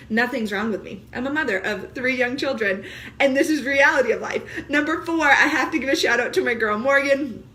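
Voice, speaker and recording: A woman in her thirties, a mother of young kids, talking casually to camera in an animated, joking way with frequent laughter. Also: high-pitched, moderate pace, a little hiss or hum. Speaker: vlogger.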